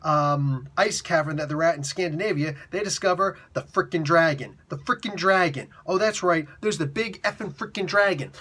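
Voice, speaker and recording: Dude in his 40s gushing about a comic, bright forceful voice, pitched a bit high, super hyper. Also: fast, hardly any pauses, husky. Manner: hyper, animated, slangy. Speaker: comic book reviewer. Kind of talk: excited casual review.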